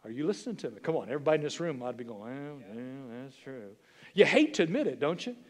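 Sixties guy preaching hard in a big church, bit high voice, long echo trailing off. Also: very animated, rapid-fire, husky. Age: 60s. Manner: emphatic preaching with repetition and rhetorical questions. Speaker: pastor. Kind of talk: sermon. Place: church sanctuary.

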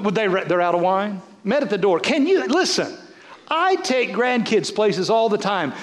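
A man in his fifties, a bishop preaching a sermon in a playful, animated way, swinging between loud bursts and hushed asides. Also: sits high, a little hiss or hum. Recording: long reverb of a large hall.

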